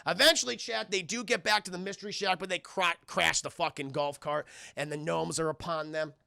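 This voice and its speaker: A man recapping a cartoon episode for his live chat, cursing freely and calling out to the chat. His voice is high and heavily gravelly, with a sharp, bright edge and a dry sound. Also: a little fast, dry recording. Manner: profane, animated, keeps addressing chat. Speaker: streamer and cartoon reviewer. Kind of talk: casual profane episode recap.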